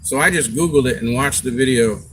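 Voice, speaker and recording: A man's voice: mid-range voice, a little fast, a bit bright. Chatty man rambling on a noisy stream. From Scotland. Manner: rambling, chatty storytelling with quoted asides. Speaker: livestream host. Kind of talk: casual chat.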